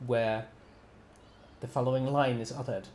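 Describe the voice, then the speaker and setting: A man's voice: mid-range voice, fairly even intonation, unhurried, darkish tone, slight background noise. Laid-back male game master, echoey. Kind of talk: running a tabletop game session.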